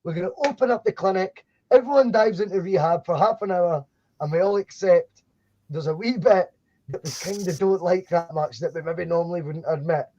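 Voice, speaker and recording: A man's voice: high-pitched, fairly quick, mellow, muffled recording, a little hiss or hum. A Scottish man hosting a podcast in a joking, laid-back chat, swearing and laughing often. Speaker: podcast host. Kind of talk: casual chat.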